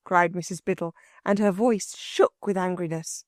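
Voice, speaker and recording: With a fairly low voice and a normal pace, a woman narrates a scripted audiobook in a vivid storytelling style. The recording is clean studio audio without any echo.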